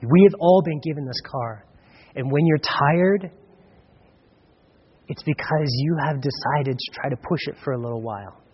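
A man's voice: fairly high pitch, normal speed, long pauses, husky. A man from Colorado preaching a sermon as pastor, conversational and humorous, acting out little dialogues. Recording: dull recording with long hall reverb.

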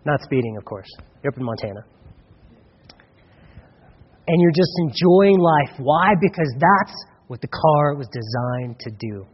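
A man's voice: on the high side, expressive, a little slow, long pauses, husky. A man from Colorado preaching a sermon as pastor, conversational and humorous, acting out little dialogues. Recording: dull recording with long hall reverb.

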